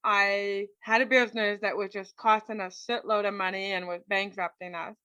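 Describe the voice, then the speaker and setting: Bright, lively woman telling her story. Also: mid-range voice, normal speed, clear, resonant tone, no echo. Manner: lively storyteller, quotes people, frequent "like". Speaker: interview guest, motivational speaker. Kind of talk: personal storytelling in conversation.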